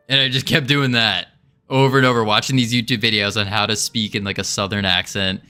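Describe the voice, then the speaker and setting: A man's voice: lowish voice, steady tone, a little fast, sharp tone, smooth, soft background music. A man streaming his game development work, chatting casually and thinking aloud while he codes, joking and rambling as he goes. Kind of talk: casual live-stream chat while coding.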